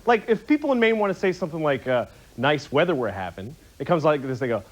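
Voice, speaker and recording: A man's voice: on the high side, very animated, fast talker. A man doing a stand-up routine on a TV studio stage, with a rambling, mock-indignant observational delivery. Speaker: stand-up comedian. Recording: muffled TV broadcast with audience noise. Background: studio audience.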